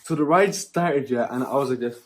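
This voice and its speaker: A young man vlogging, telling a story in casual, animated speech, often laughing and tacking on "yeah?" and "right?". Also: medium pitch, brisk.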